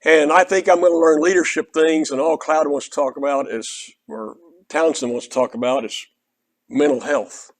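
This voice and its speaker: Earnest older Southern preacher, storytelling. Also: male voice, a little high, fairly even intonation, moderate pace. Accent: Oklahoma Southern. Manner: earnest, conversational, quotes others in dialogue. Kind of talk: storytelling sermon.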